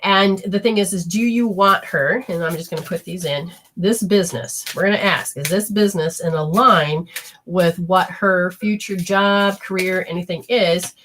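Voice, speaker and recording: A woman hosting a live call-in spiritual reading, effusive and prone to high excited exclamations. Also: normal speed, slight background noise. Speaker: spiritual reader and show host.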